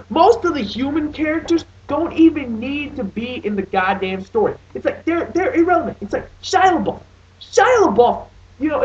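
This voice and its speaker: A young man in his late teens, with a very high-pitched voice, rants through a casual movie review, swearing often and restarting his sentences again and again. He sounds exasperated and rambling. The recording is dull and lo-fi, with a little hiss or hum, and he's distant from the mic.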